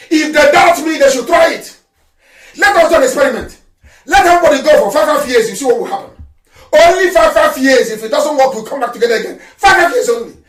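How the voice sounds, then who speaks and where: A political activist leader addresses his followers live: a fiery, scornful man with a Nigerian accent and a high voice who often shouts. He stands well back from the microphone in a room that rings with echo.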